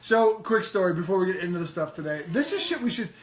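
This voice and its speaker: A man's voice: high voice, big pitch swings, fast, echoey room. A man co-hosting a live show in casual, joking chat, swearing freely. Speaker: co-host.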